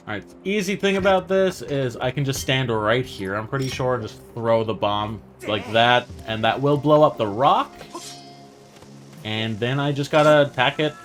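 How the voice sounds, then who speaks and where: A man talks his way through a game run in a loose, rambling voice of middling pitch, thinking aloud as he goes. Quiet music plays under him. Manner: chatty, thinking aloud, laughing at himself. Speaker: gaming channel host. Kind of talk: let's play commentary.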